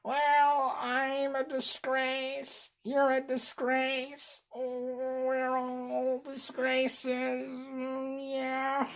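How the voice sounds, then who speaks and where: Flat, slow high female voice.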